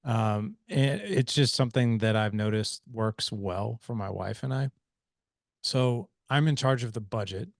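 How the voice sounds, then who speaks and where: A man in his forties hosting a podcast interview, telling stories in an emphatic, animated way. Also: lowish voice, measured pace, gravelly, no room sound, clean studio sound. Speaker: podcast host. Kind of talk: conversational interview.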